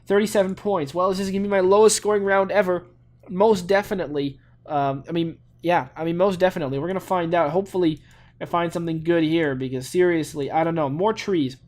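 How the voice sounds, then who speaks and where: A man's voice: high-pitched, steady tone, quick pace, darkish tone. Rambling young man narrating his gameplay. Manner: rambling, self-talking, restarts often. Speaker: gaming channel host. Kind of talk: casual game commentary.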